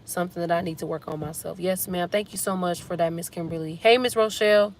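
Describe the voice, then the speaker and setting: A woman's voice: lowish voice, fairly even intonation, fast, a little hiss or hum. A woman on a casual live stream, subdued and emotional, holding back tears as she talks herself up, speaking into a handheld phone in a parked car. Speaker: vlogger hosting a live stream.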